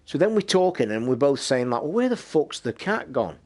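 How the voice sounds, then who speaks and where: A man's voice: on the high side, moderate pace. Sweary man telling a story. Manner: sweary, animated anecdote-telling. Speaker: podcast host. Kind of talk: casual storytelling.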